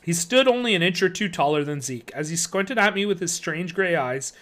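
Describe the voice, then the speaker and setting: A man reading a children's horror novel aloud, expressive, on a home stream. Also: sits high, a little fast. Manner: expressive storytelling.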